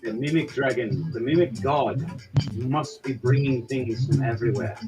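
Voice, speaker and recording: A man's voice: medium pitch, moderate pace, low-quality recording. A man narrating a tabletop game as game master, loose and crude, often laughing, over background music.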